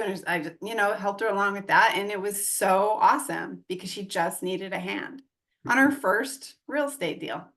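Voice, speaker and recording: Chatty woman telling a lively story. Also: medium pitch, moderate pace. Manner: animated, acts out quoted dialogue. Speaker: guest real estate investor and coach. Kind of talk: casual interview storytelling.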